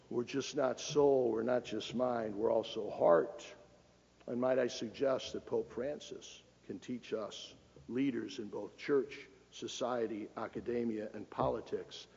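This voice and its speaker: A man's voice: mid-range voice, gravelly, a little mellow, breathy edge. A man giving a public lecture as a cardinal, folksy and emphatic, joking with the audience. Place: lecture hall. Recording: lo-fi recording with long hall reverb.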